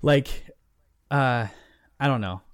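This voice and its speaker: A man co-hosting a casual podcast, rambling along with restarts and filler words. His voice sits at an ordinary pitch. The sound is close and dry. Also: takes it slowly, clean tone, dry recording. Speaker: podcast co-host. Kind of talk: casual chat.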